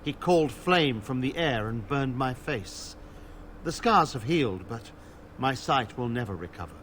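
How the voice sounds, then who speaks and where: An actor playing a blind, battle-scarred older knight in a video game, speaking in formal, archaic phrases. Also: male voice, medium pitch, lively intonation, a little slow, fairly bright tone, a little hiss or hum. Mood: solemn. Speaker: game character.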